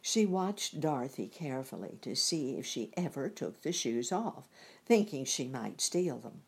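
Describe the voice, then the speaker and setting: Slow, breathy woman reading a storybook. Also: rumbling low, very animated, a little mellow. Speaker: audiobook reader. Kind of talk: storybook narration.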